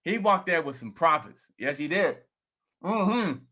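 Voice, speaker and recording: A man hosting a crypto vlog, telling a rambling, animated story in casual talk. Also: on the high side, measured pace. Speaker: crypto video host.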